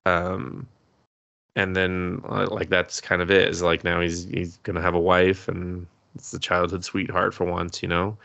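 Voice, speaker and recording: Deep gravelly man, casual recap. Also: completely flat delivery, a little slow, bright, forceful tone, dry recording, highs cut off. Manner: rambling plot recap, laughing, profane. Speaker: podcast co-host. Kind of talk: casual anime review chat.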